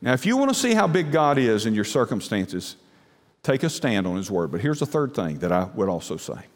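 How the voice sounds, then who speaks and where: A man preaching a sermon, emphatic, with rhetorical questions and sudden drops to a hushed low voice. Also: very animated, brisk, long reverb tail. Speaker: pastor.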